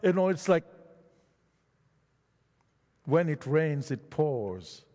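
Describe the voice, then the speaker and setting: A man's voice: fairly high pitch, very animated, drawn-out words. Man preaching with dramatic swings in a hall. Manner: dramatic swings from loud pleading to hushed. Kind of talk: sermon. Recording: long hall reverb.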